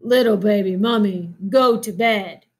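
A woman voicing a male skeleton who sternly orders a child to bed, in a slightly lowered voice. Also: unhurried, darkish tone, close to an everyday voice. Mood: scolding.

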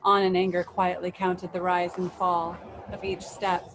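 A woman leading a children's story and meditation, reading aloud in a gentle, soothing way. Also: fairly low pitch, little pitch movement, unhurried, noisy background.

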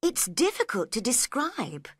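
A woman's voice: a little high, wildly swooping pitch, measured pace, breathy edge, dry recording, clean studio sound, voice pushed up, exaggerated voice. A woman voicing a polite, puzzled young girl who talks earnestly and asks many questions.

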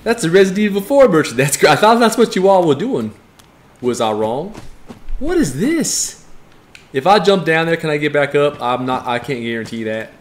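A man's voice: on the high side, expressive, a little fast. A man with a strained voice giving joking, profane live commentary as he plays a game and reads chat aloud. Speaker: game streamer.

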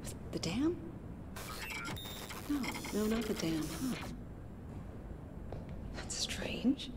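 An actress voicing a puzzled young woman agent who mutters to herself in a hushed voice. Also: on the high side, animated, takes it slowly, whispered. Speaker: game protagonist. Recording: game audio with noisy background.

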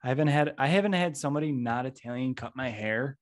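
A man's voice: medium pitch, fast talker. A man hosting a podcast, chatting casually and joking through the intro. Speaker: podcast host.

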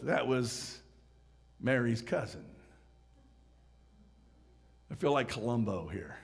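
A man preaching a sermon, swinging from loud emphatic rises to hushed near-whispers. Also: mid-range voice, animated, takes it slowly, gravelly, long pauses. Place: church sanctuary. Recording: church hall reverb.

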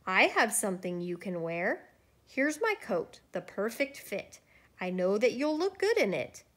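A woman's voice: mid-range voice, sing-song, measured pace. A woman voicing a helpful little girl who offers her coat, in a rhyming storybook. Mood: caring. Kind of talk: children's picture book read aloud.

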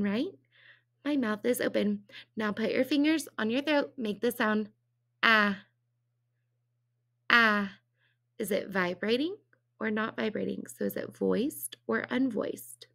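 Teacher lady doing phonics for little kids, kinda high voice, slow and cheery. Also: creaky, a bit bright. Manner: slow, exaggerated sounds for young children; cheerful, encouraging questions. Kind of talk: early-reading phonics lesson.

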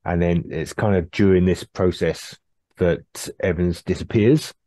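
Brief: male podcast co-host, very low voice, dry close sound, relaxed recapper. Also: unhurried, dry recording. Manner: laid-back, recounts plot with frequent laughs and fillers. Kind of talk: casual chat recapping an episode.

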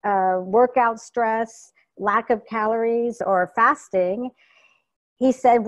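A woman coaching an online community on a video call, speaking in an animated, enthusiastic way. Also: on the high side, slow pace, dry recording. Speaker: wellness coach. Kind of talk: online community health talk.

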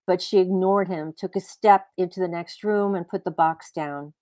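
A woman author reading her own fiction aloud in a brisk, expressive way. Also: lowish voice, no echo.

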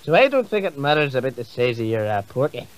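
A man with a Northern Irish accent voicing a boastful, crude politician who answers deadpan. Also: medium pitch, fast, natural voice. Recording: muffled comedy CD.

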